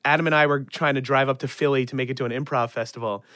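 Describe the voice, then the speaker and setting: A man telling a funny story on a podcast, animated, laughing often and leaning on "like" as he talks. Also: mid-range voice, very fast, dry recording, clean studio sound. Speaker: podcast guest. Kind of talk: casual comedic storytelling.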